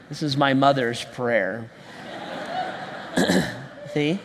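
A fairly high-voiced man preaches a sermon in an easygoing, conversational way, slowing to a crawl on words he wants to land. His voice carries the long reverb of a big church hall. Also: background noise. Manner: conversational preaching with quick asides and slow emphatic phrases. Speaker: pastor.

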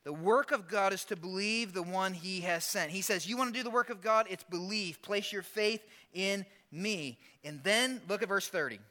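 Bright high-voiced pastor preaching. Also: male voice. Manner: animated, acts out Bible characters in quick asides. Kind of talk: sermon.

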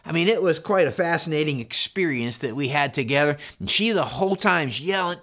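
A middle-aged man, a pastor, preaching a conversational, animated sermon. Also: on the high side, moderate pace, hardly any pauses.

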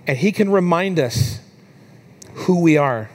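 A man in his thirties preaching a sermon, telling a family story in a relaxed, conversational way with fillers, his voice climbing higher when he gets emotional. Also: a little slow, pauses often. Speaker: pastor.

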